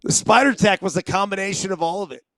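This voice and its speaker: A man's voice: sits high, quick pace, fairly bright tone, no room sound. A middle-aged man co-hosting a baseball show, chatting casually and laid-back, often saying "dude". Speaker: co-host, former ballplayer.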